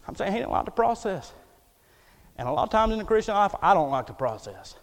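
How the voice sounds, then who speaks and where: A man preaching a folksy, emphatic storytelling sermon. He swings between loud bursts and hushed asides. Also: high-pitched, big pitch swings, fairly quick, gravelly. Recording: long hall reverb.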